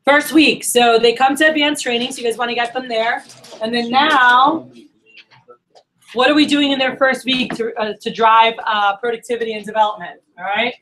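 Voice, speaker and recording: A young woman leading a sales training workshop, talking fast and acting out little exchanges with her reps. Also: fairly high pitch, slight background noise, low-quality recording. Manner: animated, acts out quoted dialogue.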